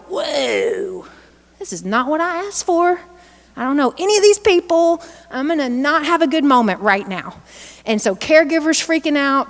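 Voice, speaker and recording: Woman, workshop presenter, casual and chatty with the crowd, handheld mic, slightly high voice. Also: long reverb tail. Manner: chatty, informal, asks the audience questions. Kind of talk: live workshop talk to an audience. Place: room with a live audience. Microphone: handheld microphone.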